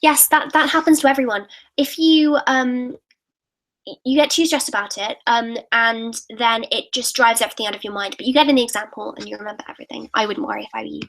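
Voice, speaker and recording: A woman's voice: on the high side, fairly quick, fairly bright tone, low-quality recording. Chatty teenage girl on a live stream. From United Kingdom. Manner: chatty and upbeat, reading out comments then answering. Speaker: YouTuber answering live questions.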